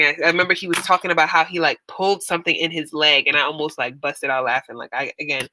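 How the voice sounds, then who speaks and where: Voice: medium pitch, quick pace, pushed and bright, slight background noise. A young adult in casual group discussion, telling a rambling story full of "like". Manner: rambling storytelling with many "like" fillers.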